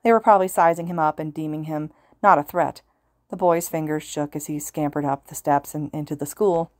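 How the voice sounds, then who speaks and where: Low-pitched woman reading a story. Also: steady tone, fairly quick, no echo, studio quality. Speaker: podfic reader. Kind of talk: fan fiction audiobook narration.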